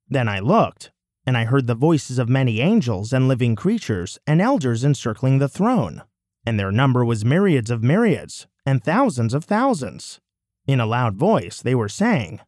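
A man reads scripture aloud in measured, solemn, declamatory phrases. His pitch swings lively across each line, and the sound is dry and close. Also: dry recording. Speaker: scripture reader. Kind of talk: dramatic scripture reading.

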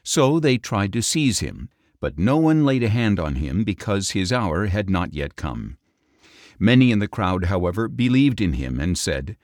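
Low-voiced man reading scripture solemnly. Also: big pitch swings, a little slow, darkish tone, dry recording, clean studio sound. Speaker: scripture reader.

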